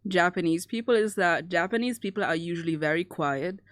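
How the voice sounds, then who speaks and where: A woman's voice: fairly low pitch, brisk, dry recording, clean studio sound. A young woman with German as her first language, chatting casually and laughing often while she draws on a live stream. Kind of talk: casual chat while drawing.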